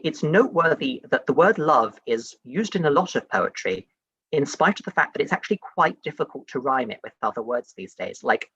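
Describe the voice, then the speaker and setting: A young adult man from the UK giving a casual science talk, chatty and conversational, often pausing with "um" and "like". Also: mid-range voice, fairly bright tone, slightly rough, no room sound, highs cut off. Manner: chatty and conversational, many fillers like "um" and "like". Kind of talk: casual lecture to an audience.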